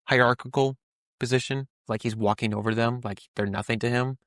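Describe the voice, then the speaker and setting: A man's voice: mid-range voice, steady tone, brisk, a bit bright, dry recording, studio quality. A young man co-hosting a podcast, talking through a Bible passage in a casual, rambling way with many restarts and fillers. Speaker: podcast co-host.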